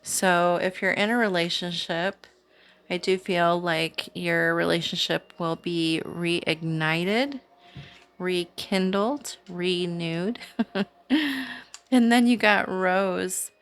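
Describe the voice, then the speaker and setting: A woman hosting her own channel, giving a casual, chatty spiritual card reading to camera in a slow, soothing way. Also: on the low side, fairly even intonation, a bit bright, smooth. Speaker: tarot reader, channel host.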